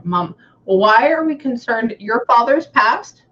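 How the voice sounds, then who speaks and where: A young American woman working as a psychic medium, chatting casually and often pausing with "hang on" while she relays messages. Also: fairly high pitch, lively intonation, a bit bright, muffled recording. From United States. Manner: chatty, keeps saying "hang on" and relaying what she hears. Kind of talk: casual reading session.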